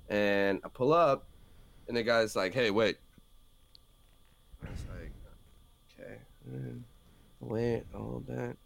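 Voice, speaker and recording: A man's voice: lowish voice, gravelly. A man in his thirties, a podcast co-host, telling a story in casual chat and acting out both sides of an argument. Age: 30s.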